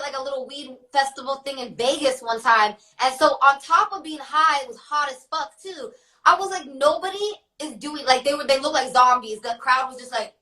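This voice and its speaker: A woman's voice: high-pitched, pushed and bright, recorded from a distance, poor audio. A young woman talking casually as an interview guest, chatty and full of "like" fillers, often laughing. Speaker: guest, rapper.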